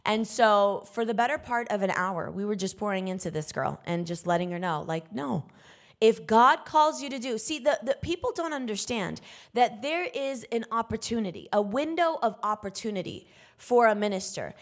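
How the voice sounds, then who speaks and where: A woman's voice: mid-range voice, animated, moderate pace. A woman minister giving a conversational sermon, candid and emphatic, speaking straight to her listeners.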